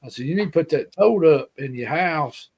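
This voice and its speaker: A man's voice: a little high, expressive, moderate pace, gravelly, darkish tone, breathy edge. A man with an Alabama Southern accent, a guest telling a story in a casual, folksy, rambling way and repeating himself.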